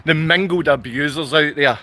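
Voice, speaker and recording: A man's voice: on the high side, moderate pace, sharp tone, slight background noise. A man with a Glasgow accent ranting angrily to camera, hurling insults and repeating himself. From Scotland. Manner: furious, insulting, repetitive ranting. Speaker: vlogger. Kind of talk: angry direct-to-camera rant.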